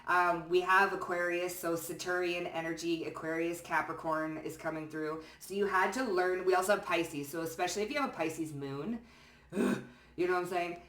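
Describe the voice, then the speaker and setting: A woman reads tarot cards in a loose, conversational way, dropping casual swears and checking in with her listeners. Her voice sits fairly low. She is heard a little away from the mic in a roomy, echoing space. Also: steady tone, moderate pace, fairly bright tone, recorded from a distance. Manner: chatty, swears casually, frequent "okay?" and "you know what I'm saying?". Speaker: tarot card reader. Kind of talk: casual pick-a-card tarot reading.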